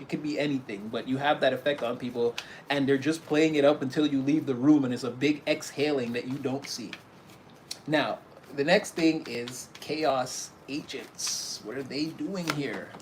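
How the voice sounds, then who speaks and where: A man with a mid-range voice gives a casual tarot reading, talking animatedly, acting out little scenes and often breaking into laughter. There's a little hiss or hum on the recording.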